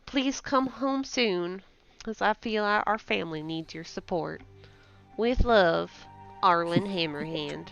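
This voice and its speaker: A woman's voice: mid-range voice, slow pace, creaky, fairly bright tone, soft background music. A woman voicing a young noble sister reading her sorrowful letter aloud, with a Southern accent. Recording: dull lo-fi sound.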